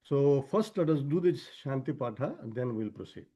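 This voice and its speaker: A man acting as a spiritual teacher lectures on scripture, pausing and restarting as he explains. He stresses key words by raising his pitch, and his tone is sing-song and warm with a breathy edge.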